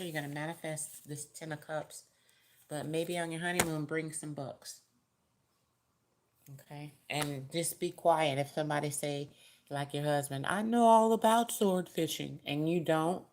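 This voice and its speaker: A woman's voice: deep voice, a little hiss or hum. A woman giving a casual, chatty tarot reading straight to the viewer, with folksy, direct advice. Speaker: tarot reader.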